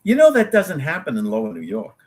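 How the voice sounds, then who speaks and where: A man's voice: a little high, a little fast. A man co-hosting a casual chat, telling stories and teasing his partner. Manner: animated storyteller, teasing. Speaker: co-host.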